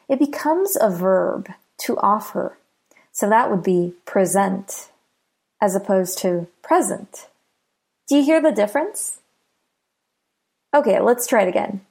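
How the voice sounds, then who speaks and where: An American woman teaching English pronunciation, patiently repeating each word slowly and clearly. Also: mid-range voice, lively intonation, darkish tone. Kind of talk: slow, clear pronunciation lesson.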